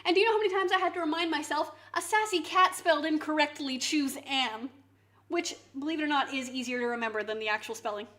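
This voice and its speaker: A woman streamer chatting casually to her viewers, swinging into loud mock outrage and swearing. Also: sits high, quick pace. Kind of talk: casual live-stream chat. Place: home kitchen.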